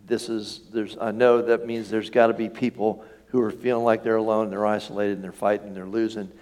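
A man preaching a sermon to his congregation in a relaxed, conversational way, often checking in with questions. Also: on the low side, brisk. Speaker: pastor. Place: church sanctuary.

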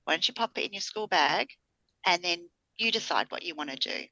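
A woman's voice: fairly low pitch, expressive, fairly quick, pushed and bright, no echo, dull audio. A middle-aged woman, co-hosting a podcast in casual chat and acting out the people she quotes as she tells a story. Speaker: podcast co-host.

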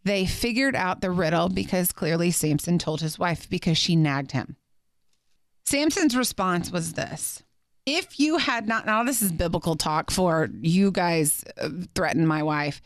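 A woman's voice: fairly low pitch, a little slow, no echo, studio quality. A woman hosting a Bible teaching podcast, reading scripture aloud and breaking in with chatty, playful asides. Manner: chatty and animated, with playful asides between verses.

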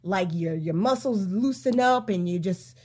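A woman hosting a casual song breakdown, talking emphatically with plenty of swearing. She moves between heated rants and slow, drawn-out musing. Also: mid-range voice, darkish tone. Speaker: podcast host.

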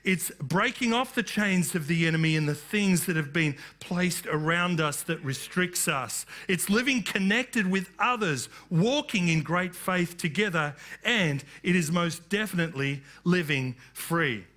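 Bright, high-pitched preaching man. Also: animated, a little slow, hardly any pauses. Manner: emphatic preaching with calls of amen and rising declarations. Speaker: pastor. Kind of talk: sermon.

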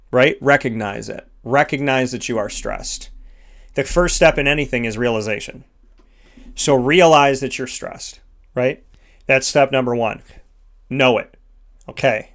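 A man's voice: mid-range voice, a little slow, pauses often, fairly bright tone. A man hosting a motivational self-help segment, speaking earnestly in repeated, emphatic lists. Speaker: host of a sponsored motivational segment.

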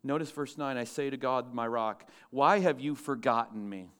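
Animated man preaching with a clear voice. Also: mid-range voice, moderate pace, few pauses. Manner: animated preaching, rises loud when quoting scripture, asks the room questions. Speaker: pastor. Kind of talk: sermon. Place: church.

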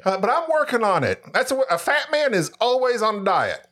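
A man's voice: very high voice, very animated, fairly quick, fairly bright tone. A man from Northeast Texas with a regional accent, hosting a podcast in rambling, self-mocking casual chat. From Paris, Texas. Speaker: podcast host.

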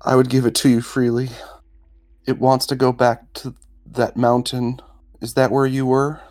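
A man's voice: medium pitch, level tone, moderate pace, a little mellow, pitched above the performer's own voice, natural voice. A man playing a determined young half-elf woman, speaking firmly and earnestly.

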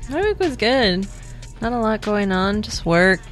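A woman guesting on a casual podcast, explaining events in a calm, matter-of-fact way. Her pitch sits in the middle range. Faint music plays underneath. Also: measured pace.

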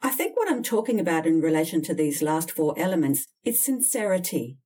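A woman's voice: low voice, sing-song, brisk, mellow, slightly rough, distant mic. A woman coaching people on job interviews, giving direct, emphatic, candid advice in an instructional talk. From Australia.

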